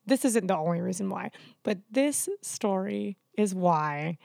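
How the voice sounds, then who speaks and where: A woman's voice: medium pitch, lively intonation, unhurried, creaky, darkish tone, no echo. Dry-voiced woman podcast host. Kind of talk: casual chat.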